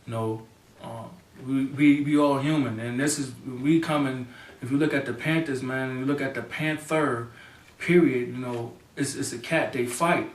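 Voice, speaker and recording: A man's voice: medium pitch, steady tone, normal speed. A man, a local party chairman, giving an impassioned spoken statement in a fervent, repetitive way, often adding "you know what I'm saying.". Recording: roomy echo, mic at a distance.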